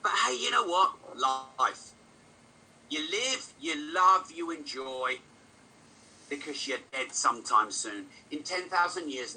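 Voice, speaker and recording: A middle-aged British man giving a live online talk, fast-talking and excitable, poking fun at himself. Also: medium pitch, breathy edge, rough recording. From United Kingdom. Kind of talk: energetic motivational talk.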